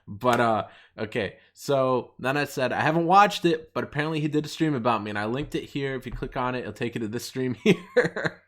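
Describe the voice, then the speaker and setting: A young man hosting his channel, ranting with mocking laughs and jumping into a higher voice whenever he quotes people. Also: fairly quick, a bit bright. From United States. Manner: mocking, laughing often, pitch jumping up when quoting others. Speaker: channel host. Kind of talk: ranting commentary.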